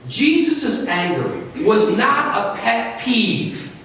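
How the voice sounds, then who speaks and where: High-voiced man preaching in an echoey church. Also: slow, distant mic, a little hiss or hum. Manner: animated storytelling with wide swings in pitch and loudness. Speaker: pastor. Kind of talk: sermon. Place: church sanctuary.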